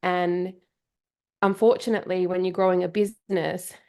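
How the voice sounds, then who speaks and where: A woman's voice: fairly low pitch, moderate pace, smooth. An Australian woman in her thirties, a guest on a podcast, talking energetically and a little out of breath. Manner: energetic, emphatic, repeats for emphasis. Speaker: podcast guest, marketing coach. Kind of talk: casual interview chat.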